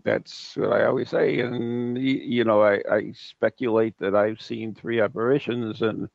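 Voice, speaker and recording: Gravelly man hosting a radio show. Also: on the low side, steady tone, measured pace, no room sound. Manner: repeats his words, speculative. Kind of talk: casual radio talk. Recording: dry, dull lo-fi radio audio.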